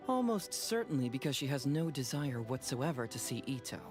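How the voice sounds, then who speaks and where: A man's voice: mid-range voice, sing-song, normal speed, natural voice. A man voicing a smug young detective. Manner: wry, self-assured. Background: game music.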